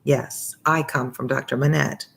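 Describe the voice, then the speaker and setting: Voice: medium pitch, fairly even intonation, a little slow, gravelly, a bit bright. A reader voicing a guarded middle-aged male wine-shop keeper who speaks in a reserved, mechanical way.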